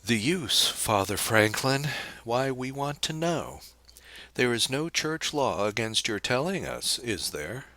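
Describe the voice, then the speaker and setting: A man reading the part of a poised young woman who speaks lightly, with a gentle mocking edge. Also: deep voice, expressive, takes it slowly, no room sound, heavily acted. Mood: cool, mocking.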